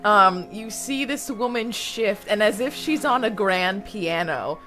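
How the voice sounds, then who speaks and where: A woman's voice: mid-range voice, lively intonation, measured pace, sharp tone, soft background music. A woman player describing her character's actions in a tabletop game, giggly and descriptive. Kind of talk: tabletop role-play narration.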